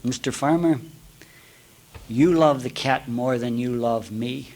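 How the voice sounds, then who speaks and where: A man's voice: medium pitch, slow pace, a little mellow. A man voicing a resentful male cobra in a spoken fable, complaining that he is unloved. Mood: reproachful. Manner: complaining, reproachful.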